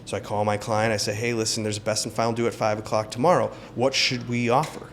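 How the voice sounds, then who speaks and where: A man's voice: lowish voice, racing, a little hiss or hum. A man being interviewed as a realtor, telling a story in casual talk and acting out the quoted lines. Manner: animated, acts out quoted dialogue. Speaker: realtor guest.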